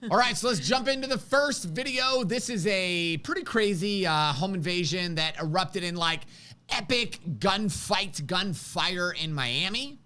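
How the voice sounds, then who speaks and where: A man's voice: sits high, measured pace, sharp tone. A man co-hosting a live stream in casual chat, teasing and boastful.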